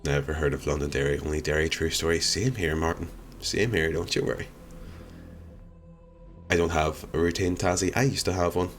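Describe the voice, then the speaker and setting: Young male streamer, low voice, dry self-mocking chatter over quiet background music. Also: little pitch movement, brisk, long pauses. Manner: rambling, wry and self-deprecating. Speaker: live streamer. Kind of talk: casual chat reading out viewer comments. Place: home streaming room.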